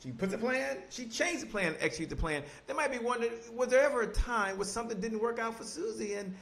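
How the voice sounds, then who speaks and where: High-pitched male interviewer, loose rambling questions. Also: lively intonation, quick pace, fairly bright tone.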